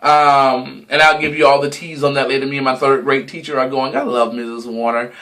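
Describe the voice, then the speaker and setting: A man's voice: medium pitch, little pitch movement, a little fast, fairly bright tone. A young man in a casual gossip vlog, sassy and dramatic, swearing freely and stretching words for emphasis. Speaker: vlogger.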